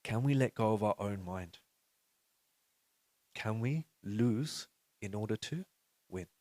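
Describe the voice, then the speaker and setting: A man giving an animated storytelling talk to a live audience, acting out quoted dialogue and putting questions to the listeners. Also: on the low side, slow pace. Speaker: speaker at a religious youth session.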